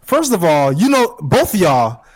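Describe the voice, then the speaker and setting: A man's voice: sits high, very animated, measured pace. A young man co-hosting a casual podcast chat, teasing and challenging his friends. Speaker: podcast co-host.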